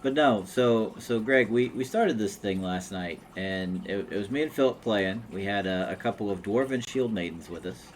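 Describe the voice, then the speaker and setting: A man's voice: on the low side, moderate pace, few pauses, a little hiss or hum. A man co-hosting a casual chat podcast, talking in a laid-back way with short interjections. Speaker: podcast co-host.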